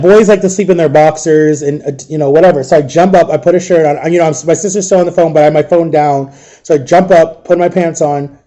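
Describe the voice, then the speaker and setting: Man, grieving, subdued, halting storyteller, mellow tone. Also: a little high. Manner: halting, repetitive retelling. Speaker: vlogger. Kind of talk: emotional storytime.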